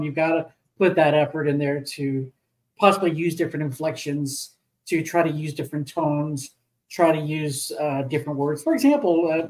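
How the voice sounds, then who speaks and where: Panel guest giving halting advice. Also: mid-range voice, low-quality recording. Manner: halting advice with many fillers. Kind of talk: casual panel discussion.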